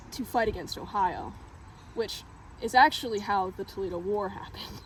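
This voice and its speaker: Deadpan woman spinning a tall tale. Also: medium pitch, moderate pace, a little hiss or hum, low-quality recording. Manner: deadpan mock-serious, laughs through lines. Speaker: storyteller.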